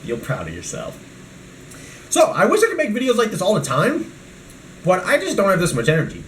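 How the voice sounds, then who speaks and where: A man talks his way through a toy review vlog, rambling and ranting about whatever comes to mind. His voice sits a bit high and swings widely, with a faint hiss of noise behind it. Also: wildly swooping pitch, a little fast, fairly bright tone, reverberant. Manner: rambling and ranting, jumping between topics. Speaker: vlogger.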